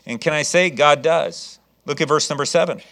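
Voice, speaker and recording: Animated man preaching a sermon. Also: on the high side, normal speed. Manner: animated preaching, acting out voices of the story. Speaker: pastor.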